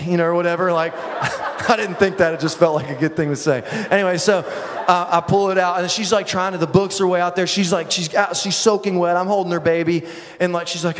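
A man's voice: high voice, steady tone, a little fast, big-room sound. A pastor in a sermon who mixes his Bible teaching with funny personal stories. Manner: humorous storytelling preaching.

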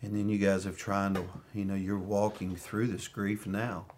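Low-voiced man pastor, gently asking. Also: little pitch movement, normal speed, slight background noise. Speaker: pastor interviewing a fellow pastor. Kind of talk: conversational interview in a church message.

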